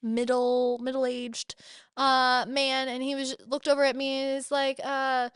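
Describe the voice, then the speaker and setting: A chatty actress tells stories in a fairly high, expressive voice, slipping into quoted voices as she goes. The sound is dry and close, with no room echo. It is casual podcast talk. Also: measured pace, smooth. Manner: chatty storyteller, animated quoting. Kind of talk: casual interview chat.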